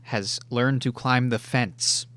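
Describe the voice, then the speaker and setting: A man's voice: mid-range voice, fairly even intonation, slow, a bit bright. A young man co-hosting a podcast, chatting casually in a laid-back, matter-of-fact way. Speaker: podcast co-host. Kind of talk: casual chat.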